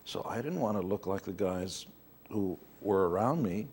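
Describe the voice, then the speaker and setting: A man's voice: low-pitched, lively intonation, moderate pace, darkish tone, slightly rough. A middle-aged man from New York, an interview guest telling candid stories in a blunt, wry way. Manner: blunt, wry anecdotes with playful put-on voices.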